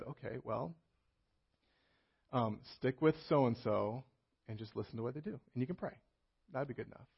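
A man preaches in a rambling, conversational storytelling way. His voice is gravelly and a little husky. The recording sounds dull and low-fidelity. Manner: conversational storytelling with many restarts and fillers. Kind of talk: sermon with personal story.

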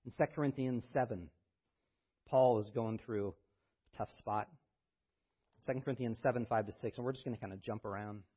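A man preaching a sermon as pastor, reading scripture with rising intensity and then talking in a low, quiet voice. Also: steady tone, brisk, pauses often, husky, muffled recording.

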